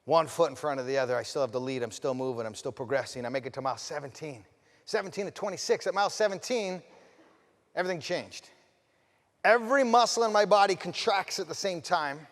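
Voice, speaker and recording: A man telling a personal story as a motivational speaker, swinging between loud, fired-up bursts and hushed passages, and asking the audience direct questions. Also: fairly high pitch, fairly quick, in a large hall. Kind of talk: storytelling keynote speech.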